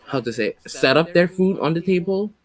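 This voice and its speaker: A man's voice: a little high, expressive, normal speed. A man as a podcast guest in casual chat, hesitant and full of fillers.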